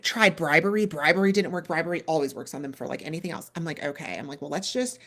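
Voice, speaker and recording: A woman's voice: deep voice, fast. Chatty woman in her thirties telling a story. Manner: animated, lots of "like" and quoted dialogue. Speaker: podcast co-host. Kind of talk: casual storytelling chat.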